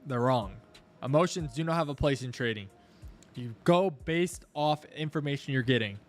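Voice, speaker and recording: A young man live-streaming his crypto trading, chatting casually, thanking viewers and coaxing the price chart out loud. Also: mid-range voice, expressive, moderate pace, faint music behind.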